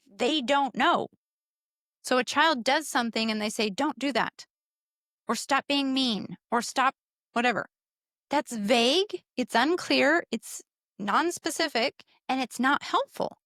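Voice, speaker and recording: Middle-aged woman cohost, earnest explainer, fairly high voice, dry mic. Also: a bit bright, no echo. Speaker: podcast co-host. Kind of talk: casual parenting discussion.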